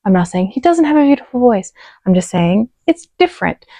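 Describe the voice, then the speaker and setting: A woman's voice: mid-range voice, very animated, fairly quick, dark tone, no echo. Gushing, chatty woman with a dry close mic. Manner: chatty, gushing, many "like" fillers. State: emotional, choked up. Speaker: reaction video host. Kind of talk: casual reaction commentary.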